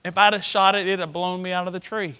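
A middle-aged man, preaching a sermon through a personal story, swinging from hushed to loud. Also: high voice, flat delivery, fast, clear, resonant tone, long reverb tail.

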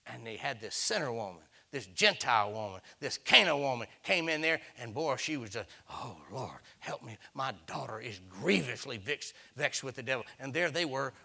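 Bright-voiced folksy preacher. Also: male voice, mid-range voice, expressive, normal speed, creaky, few pauses. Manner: folksy storytelling, acts out voices, rising to shouts. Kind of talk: sermon.

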